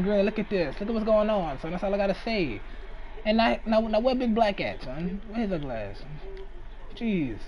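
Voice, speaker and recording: A man giving casual, excitable commentary while playing a basketball video game. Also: high-pitched, normal speed, crowd noise, poor audio. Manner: excitable, shouts and laughs at plays. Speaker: gaming commentator.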